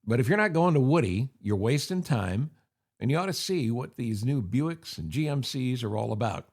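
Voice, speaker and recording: Here an older podcast host, originally from upstate New York, talks casually and wryly from his home office, full of sarcastic side remarks. The voice is mid-range, expressive and a little mellow, at a moderate pace.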